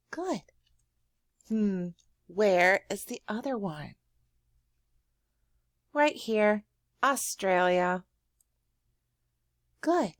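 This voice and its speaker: A woman teacher speaks very slowly to young children, her lowish voice swooping up on words of praise. She draws words out and hums while thinking. The sound is dry and close. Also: no echo. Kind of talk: slow, encouraging lesson for young children.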